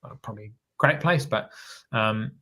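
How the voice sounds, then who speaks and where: A middle-aged New Zealander, once a helicopter pilot, tells a story as a guest on an interview show in a lowish voice at normal speed. He is relaxed and rambling, frequently restarting and repeating words.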